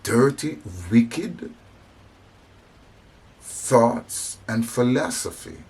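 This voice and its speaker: A man's voice: mid-range voice, extremely slow, gravelly, darkish tone, a little hiss or hum. A man delivering an impassioned preaching monologue about compassion, with emphatic repetitions and restarts. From African descent. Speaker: speaker on religion and society.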